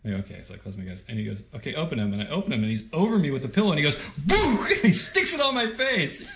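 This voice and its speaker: A man co-hosting a casual talk show and telling animated stories. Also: medium pitch, rapid-fire, gravelly. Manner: animated storyteller. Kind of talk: casual chat.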